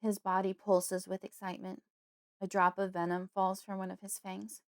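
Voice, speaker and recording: A woman reading a creepy horror audiobook in the first person, at a steady, measured pace. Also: mid-range voice, smooth, dry recording, studio quality. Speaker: audiobook narrator.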